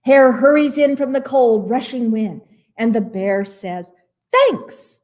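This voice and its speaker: For a library storytime, a woman reads a rhyming picture book aloud, playful and expressive, adding asides about the pages. Her voice sits on the high side and moves a little slowly.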